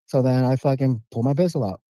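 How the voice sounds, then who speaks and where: A man calling into a podcast, telling a story with animated, profane street slang. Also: medium pitch, quick pace, no room sound, low-quality recording. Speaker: caller. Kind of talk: casual storytelling on a call.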